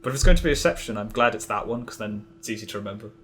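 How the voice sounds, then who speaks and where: A man's voice: fairly low pitch, expressive, rapid-fire, a bit bright, slight background noise. A man as a podcast guest, explaining in a rambling way with many restarts. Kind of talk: casual podcast conversation.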